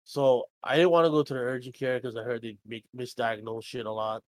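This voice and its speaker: Close-miked and dry, with no room sound, this young man co-hosts a podcast at a mid-level pitch. His story wanders as he curses liberally and slips into rapid impressions of the people he quotes, playing both sides of each exchange.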